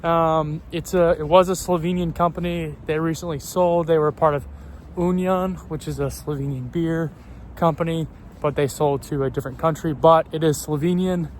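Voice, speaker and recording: A man's voice: a little high, fairly even intonation, moderate pace. A man vlogging casually to camera as he walks city streets, chatty and hesitant, with lots of ums and self-corrections. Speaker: travel vlogger. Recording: faint outdoor street noise. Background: faint street and traffic noise.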